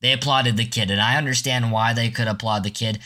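A teenage boy hosts his first solo podcast, his mid-range voice steady, brisk, and sharp in tone. He tells rambling stories full of restarts and self-mocking jokes in a casual storytelling style.

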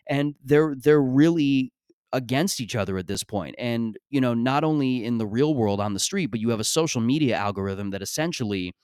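A man hosting a podcast, telling stories in a rambling, profane, animated way, often stammering and restarting his sentences. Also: medium pitch, moderate pace, smooth, no room sound, clean studio sound. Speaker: podcast host. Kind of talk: casual comedic monologue.

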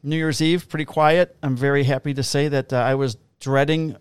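Smooth-voiced cop telling profane stories. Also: male voice, medium pitch, steady tone, moderate pace, no room sound. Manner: profane, laughing anecdote-telling. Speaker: police officer. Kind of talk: casual storytelling on a podcast.

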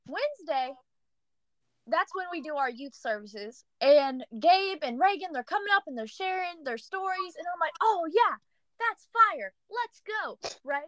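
A young woman co-hosting a podcast, telling a story in animated casual chat full of "like" fillers. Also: sits high, moderate pace, no room sound. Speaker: podcast co-host.

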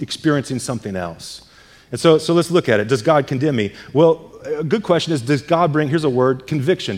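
A man's voice: a little high, a little mellow. Man preaching emphatically in a reverberant hall. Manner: earnest, emphatic preaching with rhetorical questions. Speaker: pastor. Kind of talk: sermon.

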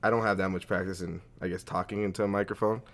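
A man's voice: deep voice, flat delivery, quick pace. A young man co-hosting a podcast, talking in a laid-back, slangy way and laughing often. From Las Vegas. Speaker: podcast co-host. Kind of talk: casual chat.

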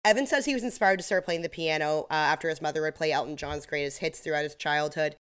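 A low-pitched woman co-hosts a podcast and recaps episodes casually. She retells scenes in an animated way, slipping into quick acted-out quotes with plenty of fillers. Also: smooth. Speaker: podcast co-host recapping a crime show.

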